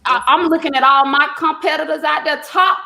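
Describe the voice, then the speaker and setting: A woman, hosting a live talk show, emotional and quick to laugh. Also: sits high, steady tone, gravelly, pushed and bright. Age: 40s. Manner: effusive, emotional, laughing often. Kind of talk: casual live chat. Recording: noisy live stream audio.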